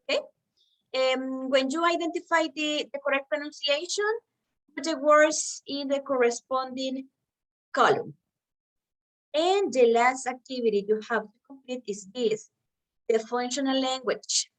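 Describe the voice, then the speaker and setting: Woman teacher, high voice, patiently repeating words, kinda far from the mic on a video call. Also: measured pace, a bit bright. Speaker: English teacher. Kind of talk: online class lesson. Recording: distant from the mic.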